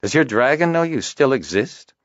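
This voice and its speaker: A male audiobook reader voicing a brisk, curious man who teases a friend, in a raised, lively voice. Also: mid-range voice, no room sound, highs cut off, voice pushed up, natural voice. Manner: lively, raised voice, upbeat questions. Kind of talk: audiobook character voice.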